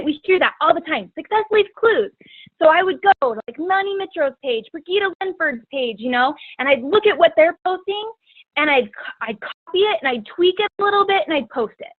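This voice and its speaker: Woman, guest speaker, chatty personal story, filler words, higher voice, thin phone-line sound. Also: dry recording. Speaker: guest speaker, fitness coach. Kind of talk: personal testimony talk.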